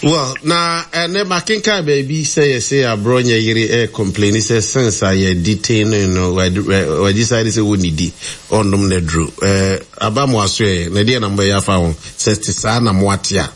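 A man's voice: on the low side, moderate pace. A man interviewing a guest on radio, asking questions hesitantly with stammers and restarts.

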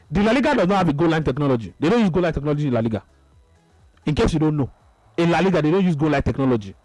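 A man's voice: fairly high pitch, darkish tone, no echo, low-quality recording. A man hosting a sports phone-in radio show, repeating phrases for emphasis.

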